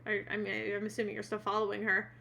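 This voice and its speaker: Bright-voiced woman game master, full of ums. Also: medium pitch, monotone, fast talker, creaky. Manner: hesitant, filler-heavy. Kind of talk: live-streamed tabletop game narration.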